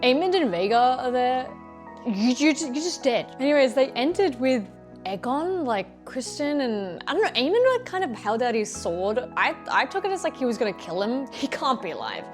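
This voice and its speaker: Excitable young woman reacting to a show. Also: a little high, normal speed, soft background music. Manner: excitable, gasping, exclaiming. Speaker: reaction video host. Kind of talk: casual reaction commentary.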